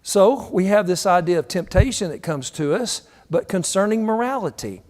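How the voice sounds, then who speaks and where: A man, preaching a sermon and telling stories with animated quoted voices. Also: high voice, normal speed. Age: 60s. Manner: animated storytelling, acts out quotes with shifting voice. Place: church hall. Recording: reverberant church hall.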